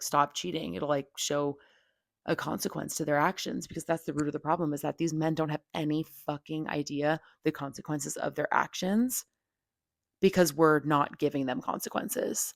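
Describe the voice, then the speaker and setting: A woman's voice: low voice, vocal fry, no echo, clean studio sound. A young adult woman hosting a podcast, giving a candid opinion monologue in a blunt, frank way, full of "like" and casual swearing. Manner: blunt and frank, heavy filler "like", swears freely. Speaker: podcast host.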